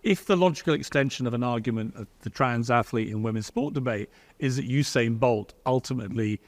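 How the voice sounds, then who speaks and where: A man's voice: mid-range voice, no room sound. A man in a casual discussion, laying out an argument step by step. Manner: measured, argumentative, logical.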